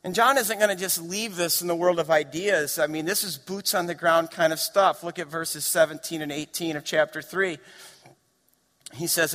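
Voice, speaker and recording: A man preaching a sermon as pastor, storytelling and building to impassioned shouts. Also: on the high side. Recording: long reverb of a large hall.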